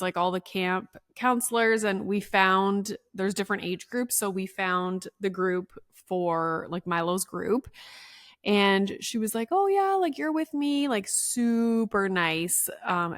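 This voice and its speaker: A woman's voice: medium pitch, a bit bright, smooth, no echo, clean studio sound. A woman in her thirties hosting a podcast at home, telling a story in casual, rambling talk full of "like" and acting out what people said. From Canada. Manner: chatty, many "like"s, acts out quoted voices. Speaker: podcast host. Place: room at home.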